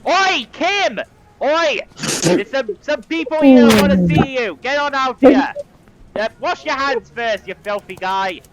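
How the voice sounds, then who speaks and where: A man's voice: high voice, unhurried, sharp tone. A man putting on a brash hollering desk clerk. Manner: hollering, rough and blunt. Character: loud brash male police desk clerk.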